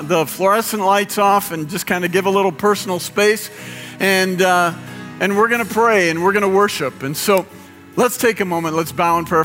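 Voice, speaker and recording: A middle-aged man preaches in a high, bright voice, rising into passionate, almost shouted peaks. His words echo with a long hall reverb, and soft music plays underneath. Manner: passionate, building to near-shouting climaxes. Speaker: pastor. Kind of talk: sermon. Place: large hall. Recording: live sermon in a reverberant hall with music behind.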